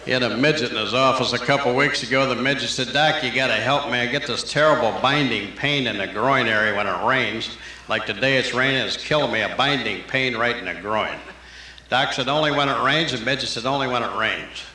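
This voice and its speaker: Male stand-up comic, quick one-liners, crisp bright tone, roomy live club tape. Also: medium pitch, slight background noise. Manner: rapid-fire one-liners, jumping into character voices. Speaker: stand-up comedian. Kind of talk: live stand-up joke telling. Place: live comedy venue.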